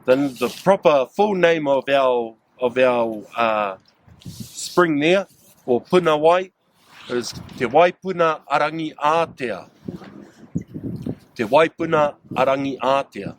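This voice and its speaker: Leading staff around local cultural sites outdoors, a New Zealand-accented guide keeps the group engaged with regular questions. He speaks slowly in an animated, mid-range voice, with a faint hiss or hum in the recording.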